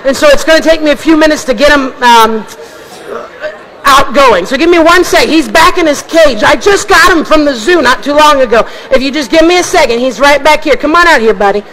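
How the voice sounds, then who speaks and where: A man's voice: very high voice, a little fast, a bit bright. A man performing a ventriloquist act for kids at a party, talking to his puppet in a playful, coaxing way. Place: banquet hall at a staff party. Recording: noisy banquet hall with crowd.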